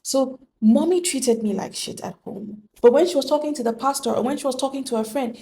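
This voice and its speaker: A woman's voice: high-pitched, a little fast, warm tone, slight background noise. A woman giving an earnest, emphatic motivational monologue on relationships, full of rhetorical questions. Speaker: relationship speaker.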